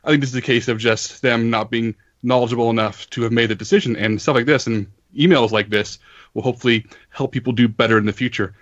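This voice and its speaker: A man's voice: medium pitch, fairly even intonation, fast talker, no room sound. Man, podcast co-host, American, hesitant fillers, dry close sound, muffled lo-fi audio. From United States. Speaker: podcast co-host, film editor. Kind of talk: casual podcast discussion.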